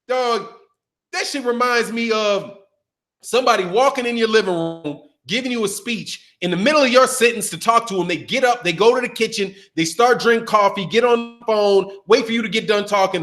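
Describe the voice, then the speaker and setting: High-voiced man ranting about boxing. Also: a little fast. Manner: animated, ranting, profane, mocking impressions. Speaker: boxing channel host. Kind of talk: casual commentary rant.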